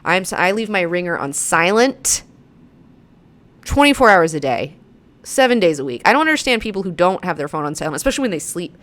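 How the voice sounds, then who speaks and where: A woman in her thirties talks through her show in a loose, rambling chat that is peppered with swearing. Her voice sits a little low and sounds smooth and clean. Every so often she jumps up high to mimic someone in a mocking tone. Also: big pitch swings, fairly quick, fairly bright tone. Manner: rambling and profane, with mocking high-pitched quotes. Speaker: show host. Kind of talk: casual chat.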